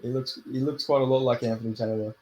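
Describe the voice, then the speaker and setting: A man's voice: medium pitch, fairly even intonation, fast talker, dark tone, a little hiss or hum. A man with a British accent co-hosting a casual podcast chat, easygoing and swearing freely. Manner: laid-back, sweary. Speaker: podcast co-host.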